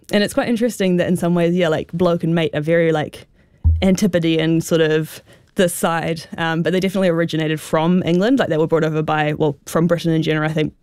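A woman's voice: on the low side, darkish tone, smooth, no echo, clean studio sound. A woman with a New Zealand accent, a guest expert explaining slang in a radio interview, talking with many fillers like "sort of" and "um".

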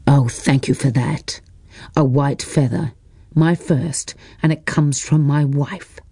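A man reading an audiobook, voicing a jealous, angry husband who talks slowly and cuttingly. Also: a little high, steady tone, dark tone, husky, dry recording, studio quality, full character voice. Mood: cold, scornful. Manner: slow, deliberate and cutting.

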